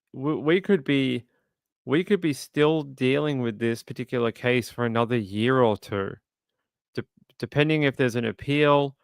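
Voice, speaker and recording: Casual streamer host, man, smooth voice, close dry mic, reads chat with sympathy. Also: medium pitch, no room sound. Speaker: true crime livestream host. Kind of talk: casual livestream chat, reading viewer comments.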